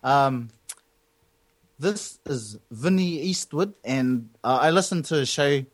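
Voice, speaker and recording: A man's voice: medium pitch, lively intonation, slow pace. A Māori-speaking man hosting a casual podcast, rambling and joking. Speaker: podcast host.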